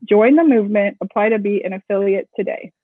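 A woman's voice: mid-range voice, dry recording. Chatty woman on a tinny line. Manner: brisk, chatty, joking asides. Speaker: screen printing shop co-founder, guest. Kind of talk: casual explanatory interview talk. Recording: tinny phone-like audio, dry.

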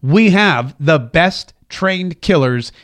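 Male host, higher-pitched, emphatic and repetitive in his political commentary. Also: animated, slow, a bit bright. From United States. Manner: emphatic, repeats phrases for stress. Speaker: podcast and radio host.

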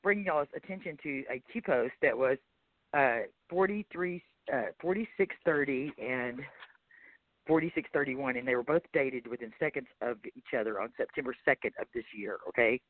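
A man's voice: mid-range voice, normal speed, no echo. A radio show host, a man, talks in a rambling, chatty way with many fillers and apologies. He is short of breath while chatting and reading a long post aloud. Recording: tinny dry phone line.

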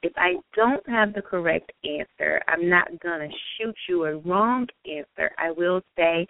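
A woman panelist in a casual chat, speaking in a deliberate, emphatic way. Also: lowish voice, vocal fry. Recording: tinny phone-like line with faint noise.

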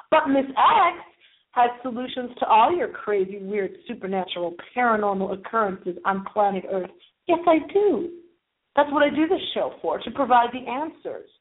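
A woman hosting a paranormal talk show in a playful, theatrical way. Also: fairly high pitch. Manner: theatrical and playful, with big swoops in tone. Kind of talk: casual solo show monologue. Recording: tinny phone-like sound.

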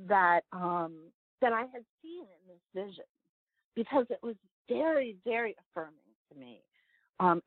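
A woman's voice: medium pitch, no echo. A woman pastor and writer, a guest in a casual interview, talking in an earnest, rambling way with many fillers and restarts. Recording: phone-like line, dry.

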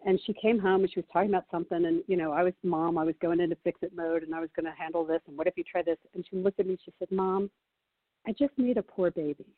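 A woman's voice: fairly low pitch, no room sound. A middle-aged woman, a parent coach, chatting as a guest and telling stories expressively. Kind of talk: casual interview chat. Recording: dry, tinny phone line.

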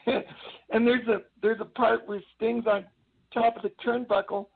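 A man's voice: very high-pitched, flat delivery, a little slow, creaky, breathy edge. A man talking as a guest in a casual chat, rambling through stories. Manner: rambling storyteller, does wrestler impressions. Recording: tinny phone-line sound.

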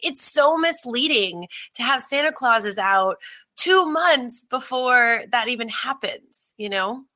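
A woman's voice: on the high side, animated, takes it slowly, sharp tone. A woman co-hosting a podcast, chatting casually and laughing often. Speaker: podcast co-host.

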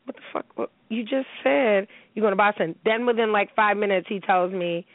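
A woman's voice: mid-range voice, moderate pace, dry recording. A woman hosting a podcast, telling a story in casual chat with blunt, profane outbursts. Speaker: podcast host. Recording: tinny phone-line sound.

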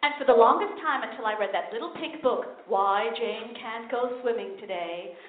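A woman from New York City performs a stand-up set, throwing out brash, quick punchlines in a high voice. The recording is thin and phone-like with a roomy echo. Steady background noise sits under her. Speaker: stand-up comedian. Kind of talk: stand-up routine. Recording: tinny, echoey, noisy live recording.

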